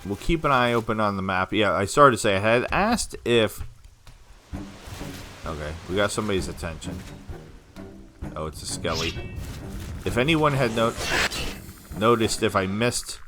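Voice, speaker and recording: A man's voice: fairly low pitch, expressive, normal speed, pauses often, over music. A man giving casual let's-play commentary, rambling and talking to himself with frequent laughs. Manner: chatty, rambling self-talk with frequent laughs. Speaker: gameplay commentator.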